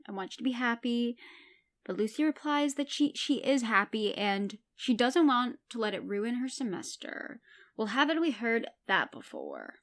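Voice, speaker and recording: A woman hosting a podcast, retelling and reacting to a TV episode in an animated, chatty way. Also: medium pitch. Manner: chatty, animated, laughs while retelling scenes. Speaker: podcast host. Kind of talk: casual episode recap.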